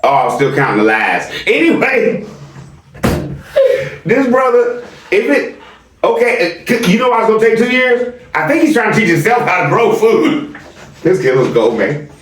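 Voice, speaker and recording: A high, lively male voice, playful and slangy as he riffs on comments. He sounds a bit off the mic in a roomy, echoey space. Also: normal speed, pauses often, far from the mic, slight background noise. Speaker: channel host. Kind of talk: casual commentary chat.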